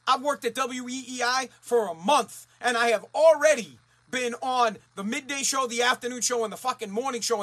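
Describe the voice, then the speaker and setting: A man's voice: extremely high pitch, bright, forceful tone. A man ranting as a talk radio host, blunt, profane and fired up.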